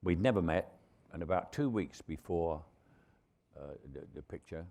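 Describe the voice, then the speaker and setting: An older man with a London Cockney accent, a veteran actor telling anecdotes on stage as a relaxed raconteur. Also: low-pitched, moderate pace. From England. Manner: relaxed raconteur, frequent restarts and chuckles.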